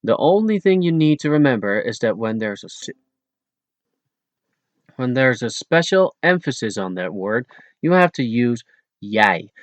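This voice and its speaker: A man narrating an audiobook language lesson in a plain explanatory way, slowing down for each example word. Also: mid-range voice, big pitch swings, no echo. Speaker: audiobook narrator teaching Dutch. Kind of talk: read-aloud language lesson.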